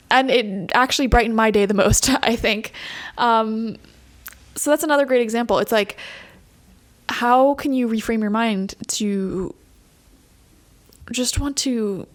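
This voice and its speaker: A young woman giving a casual pick-a-card tarot reading, chatty and animated, laughing often. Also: a little high. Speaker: tarot reader.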